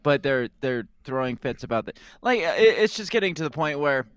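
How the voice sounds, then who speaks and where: A man co-hosting a news podcast in loose, rambling chat, with a voice that swings widely up and down in pitch. He jokes and laughs a lot. The sound is dry and close. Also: big pitch swings, fairly quick, a bit bright, smooth, no room sound. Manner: joking, rambling, laughs often. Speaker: co-host of a news comedy podcast. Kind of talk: casual chat.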